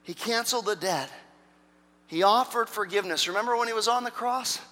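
A pastor preaching with a high, forceful and bright voice, hammering on repeated phrases and dropping from loud to hushed. He is heard in a church sanctuary with a long hall reverb trailing behind his words. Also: brisk. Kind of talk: sermon.

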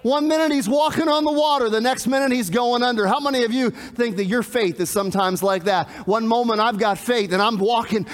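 A man preaching a sermon, animated, asking the congregation questions and acting out scenes. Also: very high-pitched, brisk, hardly any pauses, big-room sound. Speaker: pastor.

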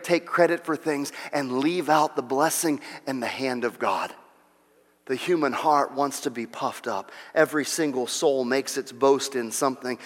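Man, preacher, high voice, dramatic sermon delivery, long reverb. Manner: dramatic, rising to near-shouting when voicing boasts. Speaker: pastor.

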